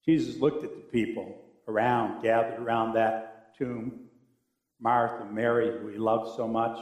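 A male pastor preaching a sermon with animated, humorous storytelling. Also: fairly low pitch, measured pace. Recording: echoey room.

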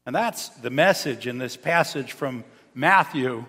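A male pastor giving a sermon, swinging between loud emphasis and soft, hushed lines. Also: medium pitch, expressive, a little slow, husky. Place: church sanctuary. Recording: long reverb of a church hall.

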